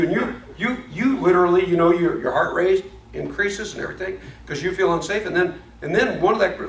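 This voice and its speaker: Gravelly man teaching in an echoey room. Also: high voice. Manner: animated storytelling with frequent restarts and stammers. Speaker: Bible study teacher. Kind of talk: casual Bible study teaching. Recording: echoey room, mic at a distance, faint noise.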